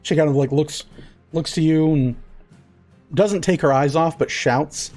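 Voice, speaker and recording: A man's voice: a little high, measured pace, pauses often, darkish tone, soft background music. Rambling man narrating as game master. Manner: rambling with many fillers.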